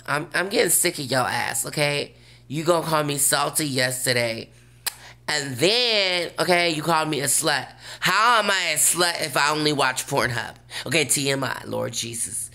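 Woman vlog host, brash and profane, gravelly and bright, talks from her bed. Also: deep voice. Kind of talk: casual vlog rant. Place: lying in bed.

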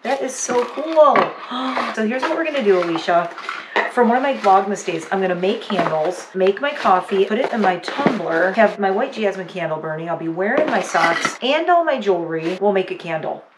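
A woman YouTuber unboxing holiday gifts on her vlog, gushing and gasping with excitement. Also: mid-range voice, brisk, very noisy.

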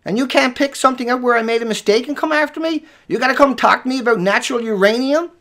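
A man hosting a livestream who rants furiously, hurling profane insults and sometimes shouting. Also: very high-pitched, quick pace. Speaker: livestream host. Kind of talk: angry livestream rant.

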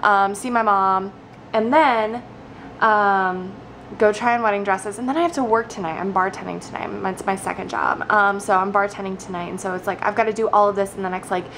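A woman's voice: medium pitch, steady tone, a little fast, a bit bright, slight background noise. A woman chatting casually into a handheld camera for her vlog, bubbly and gushing, full of fillers. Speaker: vlogger. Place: car, then bridal shop.

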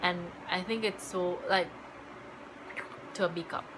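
A woman's voice: fairly low pitch, fairly even intonation, measured pace, background noise. A young adult woman vlogger telling a personal story in a casual, chatty way, full of "like" fillers and acting out remembered dialogue.

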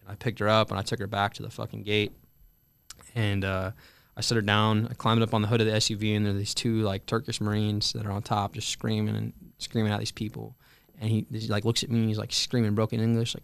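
A young man in his twenties telling a story in a candid, profane way, halting with many fillers in an interview. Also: lowish voice, flat delivery, gravelly, no echo. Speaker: guest, Marine veteran.

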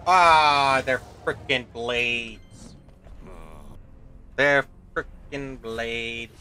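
A man's voice: medium pitch, drawn-out words, pushed and bright, soft background music. A man streaming a video game, chatting casually, swearing now and then, and talking to the game. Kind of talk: casual gameplay commentary.

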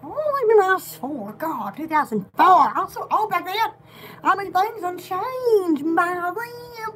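A woman's voice: extremely high pitch, expressive, normal speed, a bit bright. A woman, hosting a rambling, casual live video from home. She giggles a lot and jumps from one goofy topic to the next. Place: home at night.

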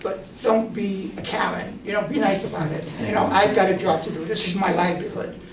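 A man's voice: high voice, fairly quick. A man casually telling stories about his drone photography work, animatedly acting out the voices of the people he quotes. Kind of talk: casual storytelling. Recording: roomy, distant mic, noisy.

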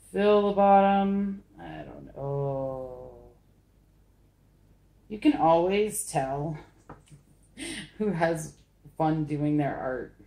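A woman with a low voice talks slowly and chattily as she works on a craft project. She is giggly and pokes fun at herself. The room around her is echoey. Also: vocal fry, mellow. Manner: chatty, giggly, self-deprecating. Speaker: acrylic pour artist. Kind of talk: casual craft vlog chat.

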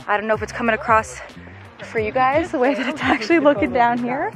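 A woman's voice: a little high, fast talker. A young woman vlogging her travels outdoors, gushing and exclaiming as she walks through city streets and up a windy hill. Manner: excitable, gushing, exclaims often. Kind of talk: casual travel vlog narration. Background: loud background music.

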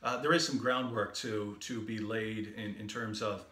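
A man co-hosting a video, telling an anecdote in a casual way and acting out quoted dialogue with lively emphasis. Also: lowish voice, measured pace, reverberant. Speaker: co-host of a video series.

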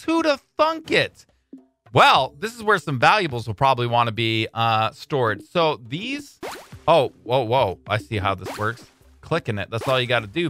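A man talks through a game he is playing, his bright voice leaping around in pitch. He drops to a mutter one moment and bursts out loud the next. Faint game music plays behind him. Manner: excitable, swings between mumbling and loud outbursts, says "dude" a lot. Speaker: gaming YouTuber. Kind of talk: casual let's-play commentary.

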